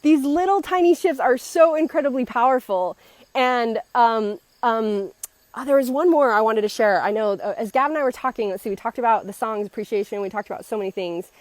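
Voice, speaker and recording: A woman spiritual mentor talking in a casual vlog, telling stories in a lively way with many restarts and fillers while out on a walk. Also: fairly high pitch, a little fast, no echo. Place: outdoors on a walk.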